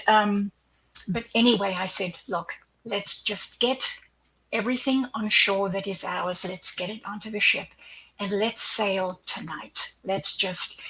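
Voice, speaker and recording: An older woman with a bright, crisp voice recounts a personal story as an interview guest. She tells it with animation, acts out the dialogue she quotes, and lowers her voice to a near-whisper for asides. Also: poor audio.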